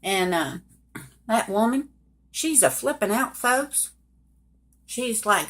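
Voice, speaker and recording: A woman's voice: on the high side, animated, slow, long pauses, a little hiss or hum. A woman casually telling a personal story in a folksy, colloquial way, speaking straight to her listeners. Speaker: storyteller recounting her own life.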